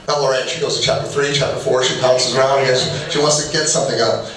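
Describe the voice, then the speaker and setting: A man's voice: medium pitch, fairly even intonation, quick pace. A middle-aged man giving a casual, humorous marriage workshop talk, telling personal stories and acting out little dialogues. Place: large echoey hall. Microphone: distant room mic. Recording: echoey hall, far from mic, faint noise.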